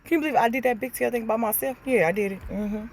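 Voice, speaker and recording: A woman's voice: a little high, quick pace. Chatty Southern American woman vlogging. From Southern United States. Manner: chatty, animated storytelling with acted-out quotes. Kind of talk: casual chat.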